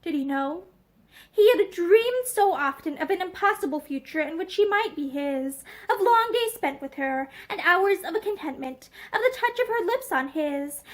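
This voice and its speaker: A woman reads a novel aloud in a steady, expressive voice, indoors in a room with bookshelves. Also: extremely high pitch. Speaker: narrator.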